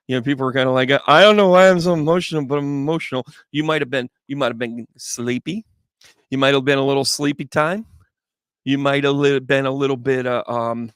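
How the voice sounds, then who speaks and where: A man's voice: mid-range voice, dry recording, clean studio sound. A man hosting a live tarot reading stream, chatting casually and playfully with viewers and rambling through jokey asides. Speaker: psychic medium and tarot reader, live stream host.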